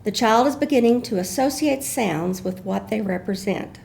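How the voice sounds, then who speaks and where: A woman giving measured, explanatory scripted narration as an instructor. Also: mid-range voice, lively intonation, gravelly, a little mellow.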